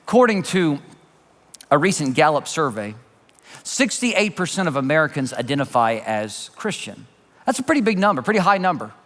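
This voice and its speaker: Pastor, male, high and lively voice, conversational sermon, reverberant church hall. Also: moderate pace. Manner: conversational, animated storytelling. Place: church sanctuary.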